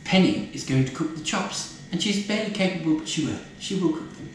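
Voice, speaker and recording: A man's voice: a little high, expressive, a little fast, slight background noise, lightly acted. A man playing a bossy, posh lady cook in a comic cooking show, teasing and camp, calling everyone darling. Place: home kitchen. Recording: echoey kitchen with loud frying sizzle.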